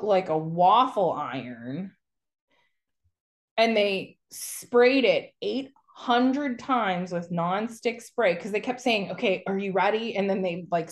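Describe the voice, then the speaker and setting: A woman co-hosting a casual podcast, talking in long rambling stretches. She keeps restarting her sentences and mimics the people she describes. Her voice sits at an ordinary middle pitch. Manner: rambling, animated storytelling with mocking quotes. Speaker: podcast co-host. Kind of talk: casual chat.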